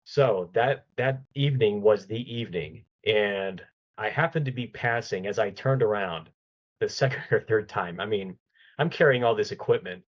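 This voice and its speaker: A man with a fairly low voice tells a long anecdote as a podcast guest, animated and chatty. He often stumbles and restarts mid-sentence. The recording sounds somewhat dull and lo-fi. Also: normal speed. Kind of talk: casual storytelling in an interview.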